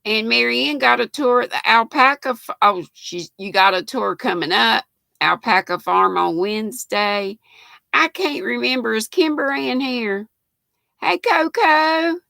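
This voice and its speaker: A woman's voice: a little high, measured pace, creaky, bright, forceful tone, dry recording. A woman, chatting casually with viewers, reading out comments and laughing often on her livestream. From United States. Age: 60s. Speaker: livestream host reading chat. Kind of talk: casual chat.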